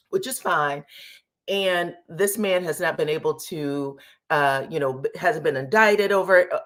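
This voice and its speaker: A woman's voice: fairly low pitch, lively intonation, measured pace, fairly bright tone. Chatty woman hosting a livestream. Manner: chatty, greets viewers by name, says y'all. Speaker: YouTube commentary host. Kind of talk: casual livestream chat.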